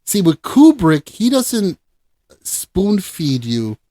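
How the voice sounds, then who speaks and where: A man's voice: high-pitched, sing-song, slow, dark tone, dry recording. A man hosting a casual film review podcast, talking enthusiastically and emphatically. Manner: enthusiastic, emphatic, laughs easily. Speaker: podcast host.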